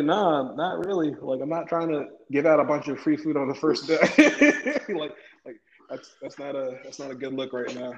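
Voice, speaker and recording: A man's voice: on the high side, animated, moderate pace. A young man from North Carolina telling a story in casual chat, laughing and acting out what others said. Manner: laid-back, laughing, acts out quoted voices. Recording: echoey room, dull lo-fi sound.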